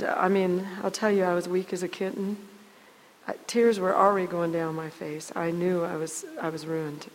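A woman telling a personal faith testimony in a halting, earnest way, often repeating her words as she goes. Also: lowish voice, in a large hall, slight background noise, low-quality recording. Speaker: guest sharing testimony.

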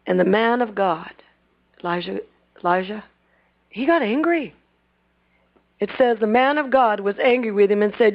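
A woman preaching a sermon, retelling Bible scenes and acting out their lines, swinging between loud bursts and hushed asides. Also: medium pitch, animated, a little slow, pauses often. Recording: dull lo-fi recording.

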